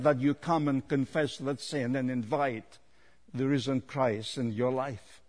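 A man preaching a sermon, rising to loud emphatic peaks and dropping low, with repeated rhetorical questions. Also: steady tone, unhurried. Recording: long hall reverb.

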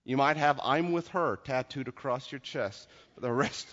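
A man preaching a sermon, dramatic and storytelling, dropping low for grim details and shouting at the climaxes. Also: moderate pace. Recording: lo-fi recording with long hall reverb.

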